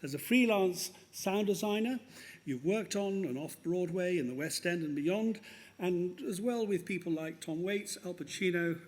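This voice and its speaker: A man with a somewhat high voice presents an honorary award at a graduation ceremony. He reads a formal, measured citation and stumbles lightly here and there. He speaks into a podium microphone in a ceremony hall. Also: a little mellow. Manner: measured and formal, with small slips and laughs.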